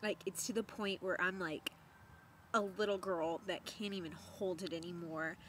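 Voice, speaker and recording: A young woman vlogger tells a story to the camera, chatty and animated, laughing often and repeating words for emphasis. Her voice is on the low side and her pace moderate, with slight background noise.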